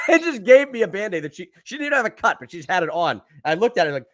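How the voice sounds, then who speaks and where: A man's voice: high voice, big pitch swings, quick pace, a bit bright. Laughing, rambling podcast host man. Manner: rambling, laughs often, restarts a lot. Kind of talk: casual chat.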